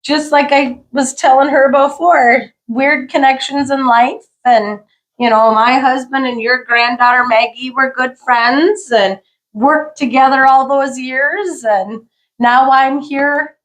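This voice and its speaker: Slow-talking high-voiced woman. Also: fairly even intonation, fairly bright tone, rough recording. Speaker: podcast co-host. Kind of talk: casual chat.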